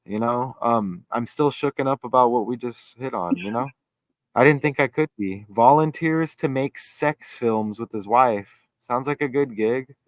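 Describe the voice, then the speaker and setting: A man hosting a casual livestream chat, excitable and rambling, thinking aloud as he reads. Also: mid-range voice, dry recording. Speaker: host.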